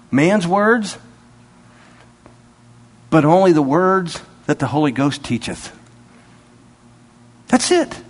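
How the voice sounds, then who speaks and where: A middle-aged man preaching a sermon, animated and laughing, acting out little back-and-forth dialogues. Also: high voice, breathy edge.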